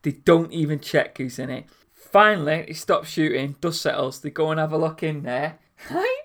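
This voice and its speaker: A man telling anecdotes in a casual chat, animated and acting out the voices of people in his stories. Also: a little high, normal speed.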